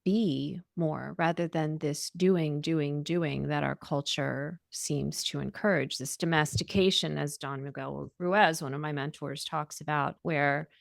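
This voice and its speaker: A woman's voice: low-pitched, steady tone, a little slow, gravelly, few pauses, no room sound, studio quality. A woman hosting a podcast, speaking in a thoughtful, reflective way. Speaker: podcast host. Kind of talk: casual interview talk.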